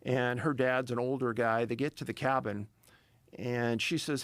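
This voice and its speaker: A man's voice: medium pitch, fairly even intonation, moderate pace, no echo. A middle-aged man telling a story in a casual interview, emphatic and building tension. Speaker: podcast guest, missing-persons researcher.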